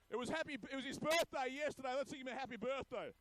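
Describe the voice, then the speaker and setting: Boisterous high-voiced emcee. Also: male voice, lively intonation, quick pace, few pauses, dry recording, poor audio. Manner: jokey, boisterous, hushing the crowd. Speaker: master of ceremonies. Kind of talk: awards-ceremony emcee speech.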